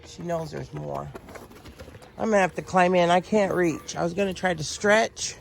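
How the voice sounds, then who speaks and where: A woman's voice: moderate pace, gravelly. A woman vlogging her morning farm chores outdoors, chatting to her animals in a sing-song voice and speaking for them. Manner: talks to animals in a high sing-song voice, voices what they think. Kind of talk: casual vlog narration while doing farm chores. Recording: noisy outdoor farm audio. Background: turkeys and fowl gobbling.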